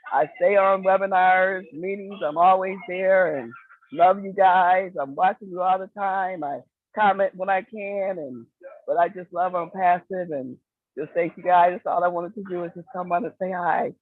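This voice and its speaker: A woman introducing herself for the first time on a call, shy but warm. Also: lowish voice, moderate pace, no room sound. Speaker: panelist. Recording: tinny phone-line audio.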